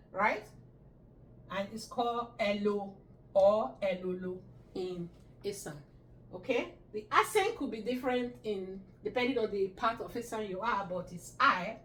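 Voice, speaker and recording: A woman teaching body-part words in a slow, patient lesson, repeating each word and checking with listeners. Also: fairly high pitch, a bit bright, slight background noise. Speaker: language teacher. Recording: echoey room, mic at a distance.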